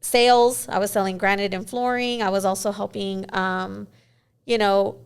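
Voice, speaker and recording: A woman's voice: medium pitch, little pitch movement, normal speed, clean tone. A woman in her forties, a guest in a casual interview, telling stories in a chatty way with many "you know"s.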